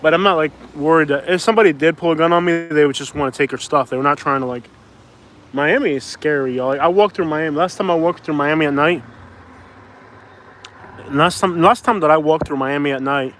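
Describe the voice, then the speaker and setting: Talking briskly in a fairly high, slightly bright voice, a young man from Florida rambles through a casual street vlog, leaning hard on "like" and restarting sentences. He records outdoors on a phone with a handheld stabilizer, and a little background noise comes through.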